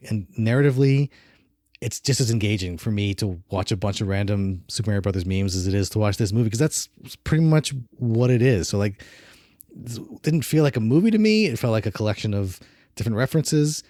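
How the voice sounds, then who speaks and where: A man's voice: on the low side, a little fast, mellow, dry recording, studio quality. A man co-hosting a casual film review podcast, opinionated and rambling, with frequent restarts. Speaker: podcast co-host.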